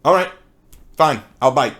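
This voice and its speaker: A man's voice: medium pitch, animated, unhurried, a bit bright. A man giving a conversational response commentary, rebutting points and asking rhetorical questions. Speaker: commentary video creator.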